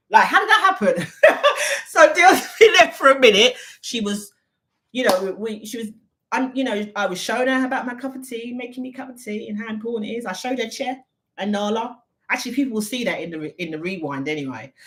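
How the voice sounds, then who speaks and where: A woman's voice: mid-range voice, fairly bright tone. A woman with an English accent, from the UK, hosting an unscripted live Q&A in a chatty, rambling way and reading viewer comments aloud. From United Kingdom. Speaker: live-stream host.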